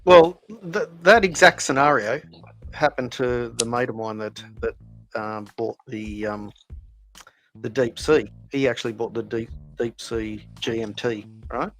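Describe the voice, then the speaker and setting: A man's voice: mid-range voice, measured pace, a bit bright, soft background music, poor audio. Rambling man telling a story. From Australia. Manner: rambling storyteller, many fillers and restarts. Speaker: podcast co-host. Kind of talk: casual chat.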